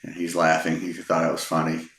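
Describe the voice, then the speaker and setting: A man's voice: very deep voice, monotone, fairly quick, a bit bright. A middle-aged man from Texas telling personal anecdotes in a casual, rambling way with frequent ums and restarts. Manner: rambling, hesitant, many ums. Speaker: storyteller. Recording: echoey room.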